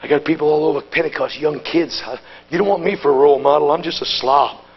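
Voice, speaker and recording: A man preaching a Pentecostal sermon at a conference. He talks in a folksy, plain-spoken way and swings from hushed asides to shouted exhortation. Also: on the high side, steady tone, fast talker, breathy edge, muffled recording.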